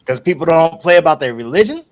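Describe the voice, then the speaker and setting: A man's voice: fairly high pitch, quick pace. A man co-hosting a podcast in casual chat, telling stories with profanity and acting out the quotes. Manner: animated storyteller, profane, acts out quotes. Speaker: podcast co-host.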